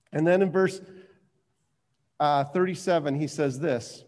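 A man preaching a sermon as pastor, reading scripture and explaining it with dramatic emphasis that drops to hushed low lines. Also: a little slow, long pauses, long reverb tail.

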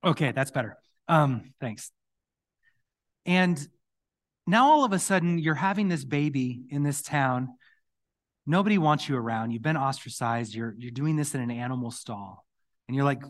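A middle-aged man preaching a conversational sermon as pastor, his voice going hoarse, rising to emphatic questions. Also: mid-range voice, expressive, moderate pace.

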